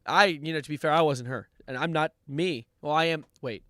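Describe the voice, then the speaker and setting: A man's voice: on the high side, a little fast, bright, forceful tone, dry recording, clean studio sound. A man streaming a comedic lyric breakdown in a mock-serious manner, breaking into laughs and yelps.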